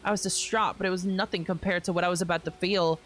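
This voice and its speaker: A young woman streamer reading a visual novel aloud, expressive, with wry asides. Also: on the low side, quick pace, slight background noise.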